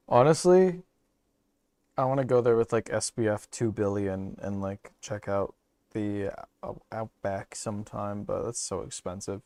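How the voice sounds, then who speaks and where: A man's voice: fairly low pitch, warm tone, no echo. A young man from Canada, rambling profanely through casual gaming commentary. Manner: rambling, profane, jokey asides. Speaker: streamer.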